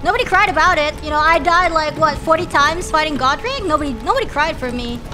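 A woman's voice: high voice, animated, fast talker. A woman streaming a video game, chatting playfully and teasing, laughing often and breaking into sudden squeals. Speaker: virtual streamer. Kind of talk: casual gameplay commentary. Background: game music.

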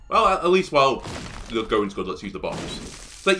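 A young man giving casual let's-play commentary, telling stories in an animated way that rises to exasperated shouts. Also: mid-range voice, moderate pace, pauses often, a little hiss or hum. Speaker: gaming YouTuber.

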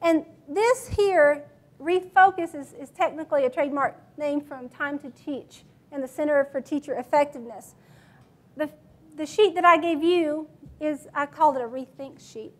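Woman, high voice, teacher workshop talk, matter-of-fact, asks the room questions. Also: normal speed. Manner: matter-of-fact, quizzes the audience. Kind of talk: classroom management workshop talk.

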